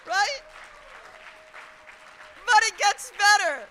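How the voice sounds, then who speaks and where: A middle-aged woman from India, telling a lively anecdote to an audience, laughing and acting out the quotes. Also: sits high, normal speed, a faint crowd, a little hiss or hum. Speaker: speaker at a political caucus event. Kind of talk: storytelling speech to an audience.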